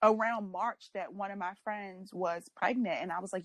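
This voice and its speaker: A young woman chats on a podcast. She tells animated stories and acts out her own quotes. The sound is dry and close, with little room in it. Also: mid-range voice, normal speed, few pauses, dry recording. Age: young adult. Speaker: podcast co-host. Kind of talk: casual chat.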